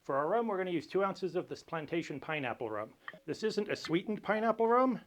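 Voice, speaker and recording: A man hosts a casual cocktail tutorial, talking through history and recipes. His voice sits a little high. He keeps a dry, lightly joking tone. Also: lively intonation, brisk, slight background noise. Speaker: cocktail show host.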